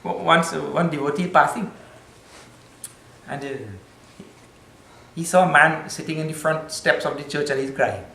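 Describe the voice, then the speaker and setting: A man gives a conversational spiritual discourse, using Sanskrit terms and gentle humor. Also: a little high, moderate pace, gravelly, long pauses, reverberant, rough recording. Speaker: spiritual teacher.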